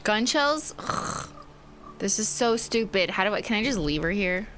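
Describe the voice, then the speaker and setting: A woman's voice: mid-range voice, lively intonation, normal speed, background noise. A young woman streaming a story game live, chatting playfully, giggling and reacting aloud to what happens. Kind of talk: live gameplay commentary.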